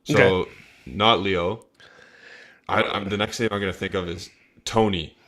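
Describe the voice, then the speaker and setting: A man's voice: deep voice, steady tone, measured pace, a bit bright. A man co-hosting a fan live stream, answering in short, easygoing replies. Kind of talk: casual chat.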